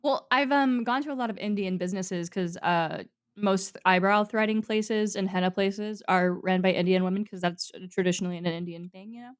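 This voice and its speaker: A woman's voice: mid-range voice, moderate pace, clear, resonant tone. Chatty young woman podcast co-host. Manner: chatty, rambling, full of "like" and "um". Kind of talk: casual chat.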